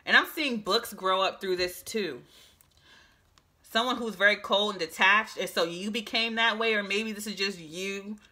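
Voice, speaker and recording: A woman giving a casual, emphatic psychic tarot reading, talking straight to the viewer with frequent restarts and a slightly hoarse voice. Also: mid-range voice, normal speed, pushed and bright. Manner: chatty, emphatic, restarts often. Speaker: tarot reader.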